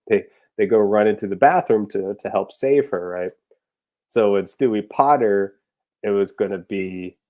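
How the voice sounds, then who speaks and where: A mellow, lowish male voice chats informally to the camera about episode ideas for parodies. He wanders from thought to thought with plenty of fillers and laughs at his own jokes.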